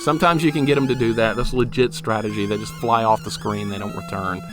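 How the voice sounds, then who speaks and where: A man's voice: on the low side, fairly even intonation, quick pace. A man in his thirties streaming a retro game, chatting and laughing with viewers while he plays, swearing casually. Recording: game music playing loudly beneath the voice. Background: retro game music.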